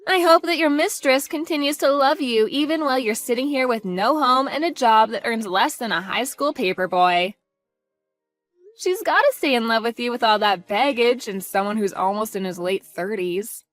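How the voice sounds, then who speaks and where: A woman's voice: fairly high pitch, normal speed, fairly bright tone, soft background music, natural voice. A woman voicing a scornful wife who confronts her cheating husband in a cold, mocking, cutting way. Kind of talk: voiced story drama.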